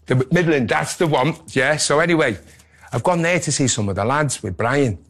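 A man with a Liverpool accent, a guest boxer telling an animated story on a radio talk show and acting out the dialogue. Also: on the high side, moderate pace.

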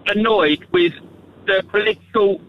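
A man's voice: high voice, measured pace. A man calling a radio phone-in from his car, earnest and frustrated. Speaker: caller. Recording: muffled phone call from a car.

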